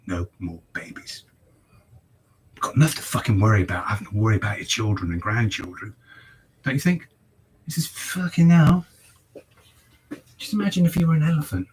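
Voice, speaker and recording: A man's voice: lowish voice, moderate pace, pauses often, slight background noise. A man, a barber chatting on a livestream while cutting hair, swearing a lot and ranting in mock outrage.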